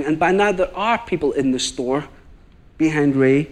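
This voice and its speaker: A man's voice: fairly high pitch, moderate pace. A man with a Northern Irish accent preaching a sermon, telling a story and acting out the people in it. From Northern Ireland. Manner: animated storyteller, acts out the people he quotes. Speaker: guest preacher.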